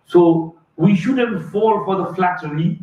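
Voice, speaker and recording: A man's voice: high voice, slow. A man teaching a hadith lesson as a story, acting out the characters' voices and slipping Urdu phrases into his English. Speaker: religious teacher. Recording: echoey far-off phone-like recording.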